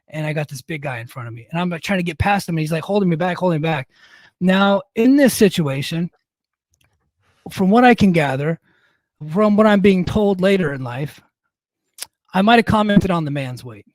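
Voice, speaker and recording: A man's voice: high-pitched, expressive, normal speed, dry recording. A middle-aged man casually telling a rambling, profane anecdote on a podcast, with many restarts. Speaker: podcast host. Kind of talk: casual storytelling.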